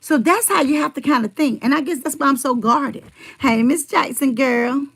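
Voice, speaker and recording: A woman's voice: sits high, moderate pace, vocal fry, a bit bright. A middle-aged woman rambling in casual livestream chat, telling family stories and answering her viewers' comments.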